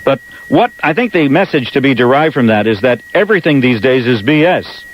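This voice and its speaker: A man's voice: mid-range voice, sing-song, fairly quick. A man with a New York accent hosting a talk radio show, talking emphatically and repeating words when he presses a point. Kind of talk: talk radio monologue and calls. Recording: dull archival AM radio with faint hiss.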